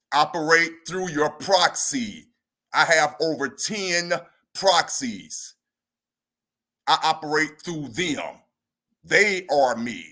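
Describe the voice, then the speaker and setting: Male livestream educator: bright, punchy tone, slangy and animated, hammers key points home. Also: fairly high pitch. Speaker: financial educator hosting a livestream. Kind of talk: casual livestream teaching.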